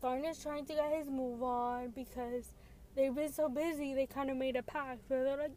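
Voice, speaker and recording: A woman's voice: high-pitched, steady tone, moderate pace, dark tone. A young woman casually recapping a TV episode, rambling with lots of filler words and giggles. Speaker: show recap vlogger.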